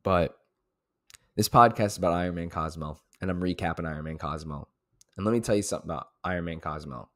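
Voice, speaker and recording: A man's voice: sits low, fast talker. A man giving a casual, pumped-up recap of his race as a triathlete, repeating phrases and swearing for emphasis.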